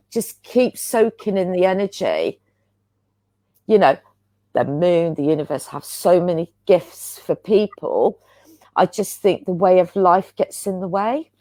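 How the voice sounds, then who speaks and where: A woman's voice: lowish voice, a little slow, dark tone, dry recording. A woman, a guest healer, talking in an earnest, rambling, chatty way about spiritual practice over a video call. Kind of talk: casual spiritual chat.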